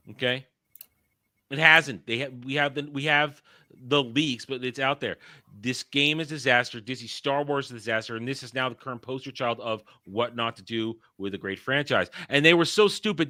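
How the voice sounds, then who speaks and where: Bright, blunt ranting man hosting. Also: mid-range voice, dry recording, studio quality. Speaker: podcast host. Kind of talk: casual panel chat.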